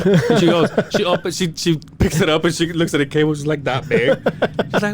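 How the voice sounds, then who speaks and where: Podcast co-host, male, higher-pitched, lively and profane storyteller, faint noise under the mic. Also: quick pace. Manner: profane, laughing, animated storyteller. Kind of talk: casual storytelling chat.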